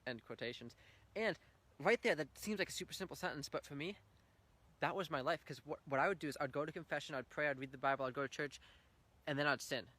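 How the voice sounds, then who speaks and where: A man's voice: a little high, quick pace, sharp tone. A young man giving an earnest, heartfelt personal faith testimony at church, telling his story with swells of feeling.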